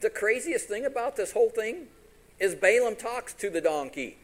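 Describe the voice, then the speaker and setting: A man's voice: sits high, moderate pace, poor audio. A man preaching a sermon, retelling a story with acted-out voices and questions to the congregation. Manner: animated, acts out each character's lines in the story.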